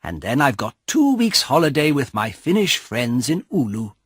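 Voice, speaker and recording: A man voicing a quiet, fussy man of fifty thinking to himself in a storybook reading. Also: mid-range voice, big pitch swings, moderate pace, husky, dry recording, clean studio sound. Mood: musing. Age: 50s.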